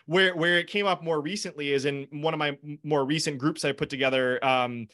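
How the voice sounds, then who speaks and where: A man's voice: a little high, steady tone, brisk, pushed and bright. A man hosting a podcast in casual interview chat, earnest and rambling, often restarting his sentences and swearing a little. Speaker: podcast host. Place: home studio with foam panels.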